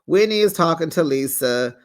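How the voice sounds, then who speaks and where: A man hosting a casual TV recap, animated and laughing often as he acts out what people said. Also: on the high side, normal speed. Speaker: TV recap host.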